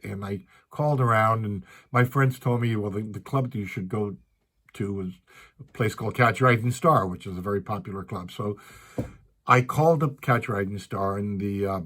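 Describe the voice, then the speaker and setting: A man's voice: on the low side, moderate pace, a bit bright. An older man, a comedian, telling stories of his past to a live audience in a chatty way, acting out the voices of the people he quotes. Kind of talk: storytelling talk to a live audience. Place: library event room.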